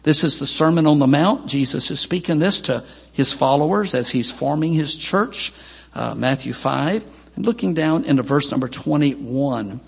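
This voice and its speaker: Gravelly pastor preaching in a hall. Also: male voice, animated, normal speed. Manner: emphatic preaching, voices quoted people in a raised pitch. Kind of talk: sermon. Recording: long hall reverb.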